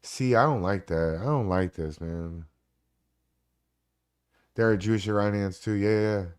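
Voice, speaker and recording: A man's voice: lowish voice, unhurried, smooth. A man in his forties hosting a live stream, rambling and swearing through casual stories. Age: 40s. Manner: rambling, profane, animated storytelling.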